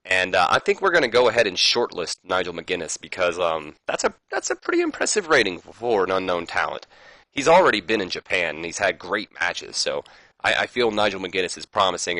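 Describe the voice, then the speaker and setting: A man's voice: low voice, sharp tone, dry recording. A man giving casual, rambling commentary over a wrestling management game, with self-amused asides. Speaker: gaming YouTuber.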